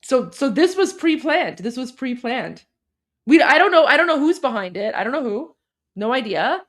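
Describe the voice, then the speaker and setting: A woman from Iran talks casually through political news, reacting to clips and viewer comments as she goes. Her voice sits slightly high, with a chatty, animated, unscripted flow. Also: moderate pace.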